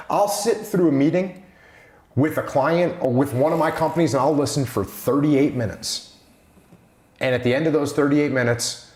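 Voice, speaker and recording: A man's voice: medium pitch, darkish tone. A man talking through ideas on leadership in a casual podcast conversation, with an emphatic manner, hammering on key phrases. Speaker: leadership speaker. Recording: roomy echo.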